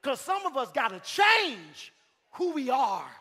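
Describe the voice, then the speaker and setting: A male pastor preaching a sermon in a church, calling out to the congregation, swinging from shouted peaks to sudden quiet lines. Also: very high voice, very animated, slow. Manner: calls out to the congregation. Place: church sanctuary. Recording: long hall reverb.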